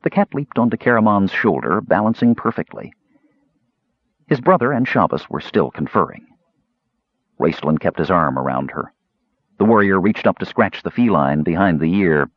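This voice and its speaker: A man narrating a fantasy audiobook with a very deep, husky voice. His pitch moves expressively, and the recording is dry and a little muffled. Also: moderate pace, dry recording. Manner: expressive, changing voices for characters.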